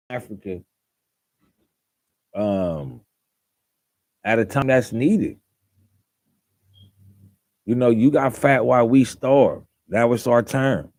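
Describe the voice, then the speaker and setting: A man's voice: low-pitched, dark tone, no room sound. A man hosting a casual commentary monologue, rambling with fillers and restarts, asking rhetorical questions and mock-quoting others. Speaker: podcast host.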